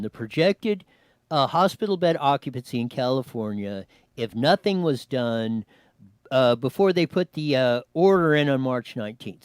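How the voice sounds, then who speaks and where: Hosting a news show, a man reacts to a clip and cues his producer in a clear, resonant mid-range voice, recorded without room sound. He's animated, chats with the producer, and often starts over mid-sentence.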